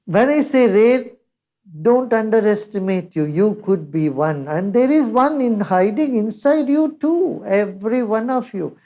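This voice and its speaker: An older woman giving a measured spiritual discourse as a teacher, reciting scripture verses along the way. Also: a little high, animated, dark tone.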